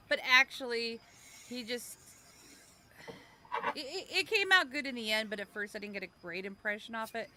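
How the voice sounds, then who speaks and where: A woman's voice: a little high, expressive, moderate pace, over a noisy crowd. A woman who is a regular on the show, chatting casually in a dry, sarcastic way. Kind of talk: casual chat. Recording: noisy stream audio.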